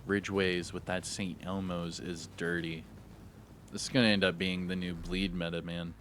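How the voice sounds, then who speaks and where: A man's voice: low voice, little pitch movement, normal speed, fairly bright tone, a little hiss or hum. A man giving live, hyped, slangy commentary over his own gameplay, talking to himself as he plays. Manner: hyped, slangy, talks to himself while playing. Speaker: gaming YouTuber.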